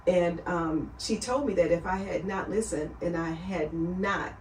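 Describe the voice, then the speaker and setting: A woman's voice: on the low side, a little slow, far from the mic, slight background noise. Woman, middle-aged, earnest storyteller, roomy sound, set back from the mic. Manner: earnest storytelling, animated when quoting others. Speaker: guest. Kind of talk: casual chat.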